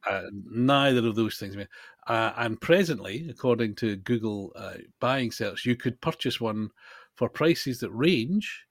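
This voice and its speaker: A man's voice: mid-range voice, lively intonation, a little slow, no room sound. A Scottish man co-hosting a podcast in casual chat, tired, hesitant and wry. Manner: hesitant, lots of "uh" and restarts, dry humour. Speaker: podcast co-host.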